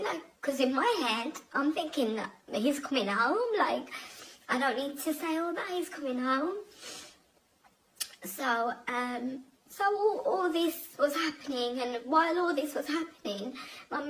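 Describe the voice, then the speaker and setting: A young woman telling a personal family story in a halting, emotional way, with many restarts. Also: sits high, slight background noise, low-quality recording. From Bangladeshi family. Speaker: guest telling her conversion story.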